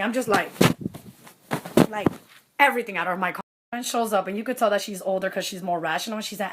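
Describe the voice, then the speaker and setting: A woman in her thirties telling a personal story in a casual vlog, animated and slipping into Spanish for quoted lines. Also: mid-range voice.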